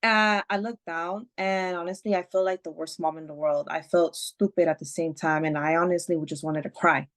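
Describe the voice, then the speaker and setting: A woman with a slightly low voice talks through a personal story as a guest on a podcast. Her delivery is chatty and full of fillers. Strong language comes out without a second thought. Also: fairly even intonation, moderate pace, few pauses. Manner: emotional retelling, swears freely, many fillers. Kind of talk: casual storytelling chat.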